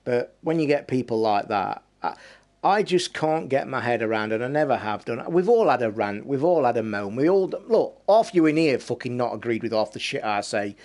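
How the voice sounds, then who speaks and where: A man's voice: mid-range voice, expressive, a little mellow. Fired-up man in his fifties. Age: 50s. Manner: heated, passionate, swearing, drawn-out emphasis. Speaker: podcast host. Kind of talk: live stream rant.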